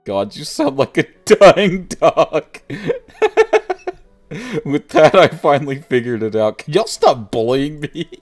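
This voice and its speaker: A man streaming a visual novel, reading the story aloud and chatting casually with viewers, laughing often. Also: mid-range voice.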